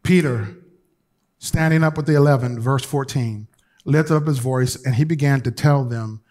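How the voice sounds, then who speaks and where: A man preaching a sermon as bishop to his congregation, telling stories with colloquial asides and moving between loud, lively passages and quiet, hushed urging. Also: mid-range voice, normal speed.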